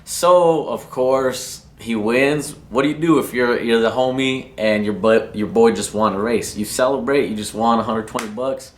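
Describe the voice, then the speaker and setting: A man's voice: mid-range voice, moderate pace, hardly any pauses. A man from New Mexico casually telling a story about drag racing, slangy and rambling and cursing freely. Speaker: racing vlogger.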